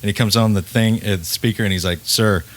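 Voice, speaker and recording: A man, a podcast guest, telling stories in casual chat, animated and laughing. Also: lowish voice, fast talker.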